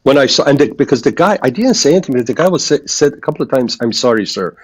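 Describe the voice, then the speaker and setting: A man's voice: fairly high pitch, expressive, racing, breathy edge. A married man in a casual chat, rambling with many restarts and laughing often.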